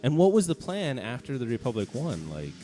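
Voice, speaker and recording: A man co-hosting a podcast in casual chat, animated and quick to laugh. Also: mid-range voice, soft background music. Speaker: podcast co-host.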